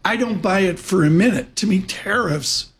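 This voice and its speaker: A man with a high, husky voice hosts a market show, chatting fast and hopping from one topic to the next. He sounds loose and conversational. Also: fairly bright tone. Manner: quick, chatty, jumping between topics. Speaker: host. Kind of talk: live financial talk radio hosting.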